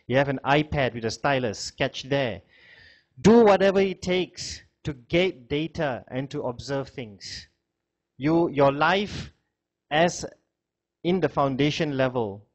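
Man lecturing a class, mid-pitched voice, chatty, repeats phrases, frequent fillers. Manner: conversational, many fillers, repeats himself.

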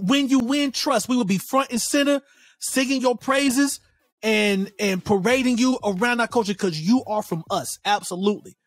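A woman's voice: on the high side, no echo. A woman co-hosting a casual podcast chat, blunt and sassy, driving her points home with emphatic repetition. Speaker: podcast co-host.

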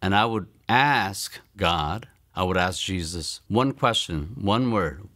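A man in his fifties from Maryland, telling a personal testimony in earnest storytelling, often trailing off softly at phrase ends. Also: low voice, a little slow, hardly any pauses. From Maryland, United States. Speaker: guest giving a testimony.

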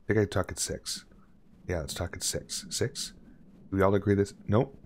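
A man streaming a horror game, joking with chat and reading on-screen instructions aloud, often dropping to a hush. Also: deep voice, steady tone, normal speed, slight background noise. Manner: jokey, reads on-screen text aloud, drops to a hush. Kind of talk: casual gameplay commentary.

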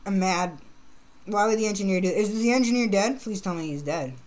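A woman's voice: mid-range voice, a little fast, a little mellow. A woman giving casual gameplay commentary, laid-back, laughing often and swearing casually. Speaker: gaming channel host.

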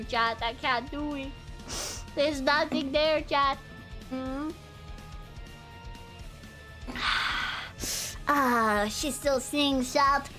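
A young woman live streaming, chatting casually and profanely with her viewers, joking and swinging between squeals and low mutters. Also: fairly even intonation, very slow, long pauses, sharp tone, faint music behind.

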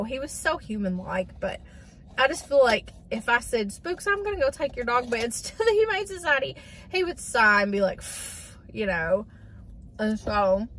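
A woman in her forties with a drawl, speaking to her viewers in a loose, rambling way. Her voice is mid-pitched and she sounds grieving, often stopping to say "y'all." It has the feel of a casual, unscripted vlog. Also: a bit bright, a little hiss or hum. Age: 40s. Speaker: vlogger. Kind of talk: casual chat.

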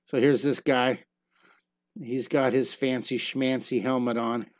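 A man's voice: mid-range voice, flat delivery, measured pace, dry recording. A man teaching a live online drawing lesson, chatting playfully and telling silly stories as he draws. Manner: playful, storytelling while drawing.

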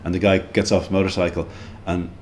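An Irish man with a low voice, talking films in a loose, rambling way. He often trips over his words and restarts his sentences. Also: level tone, fast, a little hiss or hum. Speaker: guest. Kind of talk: casual film discussion.

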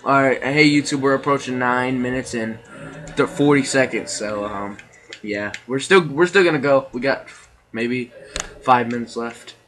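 A man's voice: medium pitch, moderate pace, a bit bright, faint music behind, low-quality recording. A man giving casual, rambling gameplay commentary, joking around and laughing often as he talks.

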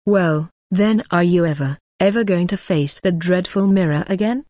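A woman's voice: on the low side, moderate pace, mellow, dry recording, studio quality, lightly acted. A woman reading the lines of a playful young woman, teasing and pouting, in an audiobook. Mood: curious.

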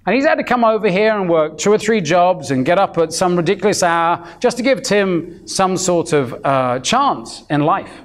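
A man's voice: high voice, animated, moderate pace, hardly any pauses. A man in his fifties preaching a sermon, telling stories in a chatty way and acting out the voices of the people in them. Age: 50s. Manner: storytelling, acting out quoted voices; chatty, full of restarts.

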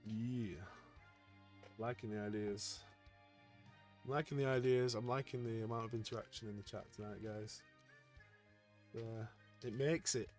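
A man live-streaming as he opens trading card packs, chatting excitedly with his viewers. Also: lowish voice, unhurried, pauses often, soft background music. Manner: excitable, chatty, talks to chat. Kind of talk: casual live-stream chat.

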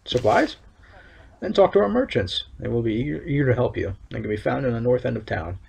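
A man voicing a stern male town overseer in a fantasy game, reading his lines in a formal, measured way. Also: mid-range voice, lively intonation, gravelly, darkish tone, slightly rough, exaggerated voice.

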